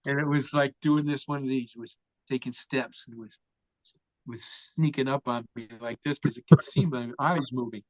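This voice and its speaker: A man's voice: medium pitch, fairly even intonation, normal speed, a little mellow, dry recording. A man telling a story as an interview guest, casual and full of swearing. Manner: profane, vivid storyteller. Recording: dull, dry lo-fi sound.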